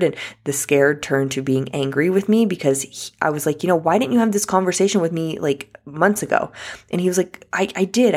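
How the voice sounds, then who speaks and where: A woman talks straight to her viewers, telling a personal story in a loose, chatty way. Her voice sits low and has a gravelly fry. She restarts her sentences often and fills them with "like.". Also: a little mellow. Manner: chatty, many likes and restarts, addresses viewers as guys and y'all. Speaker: vlogger.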